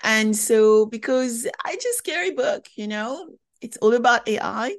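A woman from France with a French accent, a company founder telling stories as a podcast guest in a lively, chatty way. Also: fairly high pitch, a little slow. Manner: animated, chatty storyteller. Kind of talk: conversational interview.

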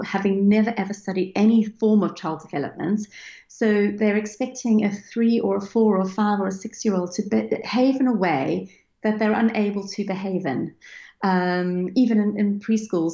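A woman's voice: medium pitch, warm tone. A woman answering interview questions about raising children, explaining earnestly and sometimes acting out playful parent voices. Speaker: parenting expert guest. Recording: roomy, dull lo-fi sound.

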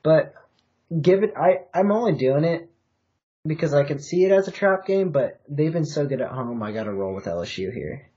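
A man's voice: a little high, expressive, moderate pace, dark tone. A man co-hosting a podcast, arguing his college football picks in a hesitant, filler-heavy way. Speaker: podcast co-host. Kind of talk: casual sports-betting chat. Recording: dull, muffled podcast audio.

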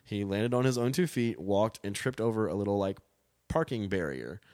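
A man's voice: lowish voice, expressive, moderate pace, mellow, no echo, studio quality. A man, a bartender telling laid-back stories in casual chat and laughing through them. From Texas. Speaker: bartender, podcast guest.

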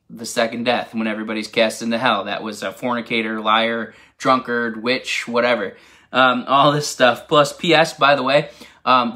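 A man's voice: mid-range voice, bright, forceful tone. A man giving an informal, enthusiastic bible teaching, rambling into asides and laughing at himself. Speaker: preacher.

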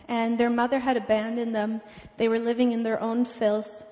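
A young woman giving an emotional, earnest personal testimony at a mission event, often halting and restarting. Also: fairly high pitch, level tone, mellow. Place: church event hall. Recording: long hall reverb.

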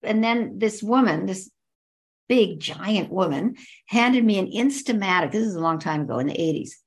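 Older woman telling a story with drawn-out emphasis. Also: mid-range voice, lively intonation. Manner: vivid, repetitive description with drawn-out emphasis. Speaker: guest. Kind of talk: personal storytelling in a conversation.

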